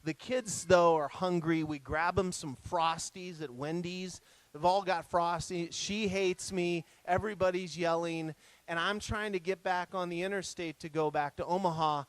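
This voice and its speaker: A man's voice: high voice, moderate pace, smooth, no room sound, low-quality recording. Man telling funny family stories. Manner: lively anecdotal storyteller. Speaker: guest speaker. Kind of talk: humorous family storytelling talk. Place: retreat center talk.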